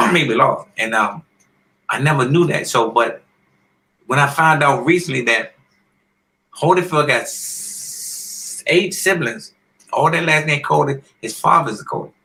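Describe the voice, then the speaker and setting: Gravelly, bright-voiced man telling stories. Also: a little high, unhurried, long pauses, low-quality recording. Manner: animated storyteller who acts out quoted voices; frequently clears his throat. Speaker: former boxer, podcast guest. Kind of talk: casual storytelling interview.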